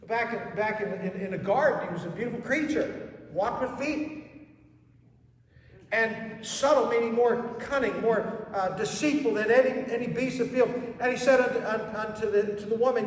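High-voiced male pastor preaching with rhetorical questions, heard from far off in an echoing church. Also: moderate pace, a little hiss or hum. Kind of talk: sermon. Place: church sanctuary. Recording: echoey hall from far off.

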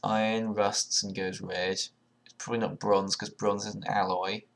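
Low gravelly man muttering quiz answers. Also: flat delivery, a little slow. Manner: sarcastic, swears often, sudden loud outbursts; thinks aloud, muttering guesses. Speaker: video creator. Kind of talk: casual commentary while taking an online quiz.

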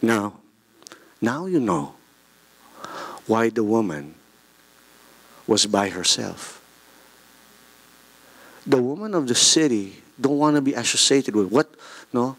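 A man with a Filipino accent preaching a sermon, animated, mixing English and Tagalog with jokey asides. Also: medium pitch, slow pace, pauses often.

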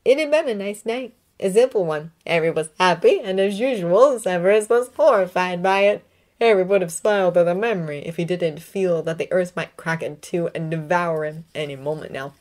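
A woman with a fairly low voice reads a story aloud. Her narration is emotive, rising and falling in pitch as the feeling of the text shifts. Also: moderate pace, darkish tone. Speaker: reader. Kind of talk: emotive reading of a fanfiction story.

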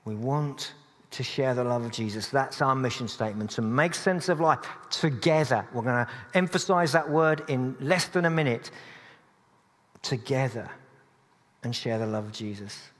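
A man's voice: mid-range voice, moderate pace. A man preaching a sermon in a church, earnest but with dry humorous asides. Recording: long church reverb.

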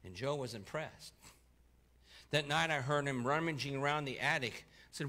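A man preaching, telling a testimony in the first person and voicing the people in it, going quiet for the sad parts. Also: medium pitch, normal speed. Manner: voices the people in the story, dropping soft for sad parts and lifting for excited ones. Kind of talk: sermon storytelling, reading a testimony aloud.

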